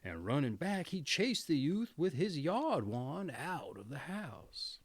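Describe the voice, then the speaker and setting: Slow, highly expressive male storyteller. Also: dry recording. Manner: expressive, theatrical. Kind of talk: storybook reading.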